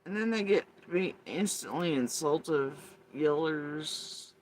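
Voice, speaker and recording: Male streamer host, profane casual rant; high, very lively, bright delivery. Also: unhurried, slight background noise. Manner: animated, profane, swings between loud and muttering. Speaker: livestream host. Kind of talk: casual ranting commentary.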